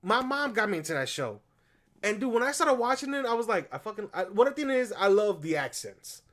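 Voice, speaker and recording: A man chatting on a podcast after a few whiskeys. His voice sits a bit high, and he rambles, swears freely and gets louder when something excites him. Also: fairly quick. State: tipsy from whiskey. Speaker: podcast co-host. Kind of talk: casual drunken chat.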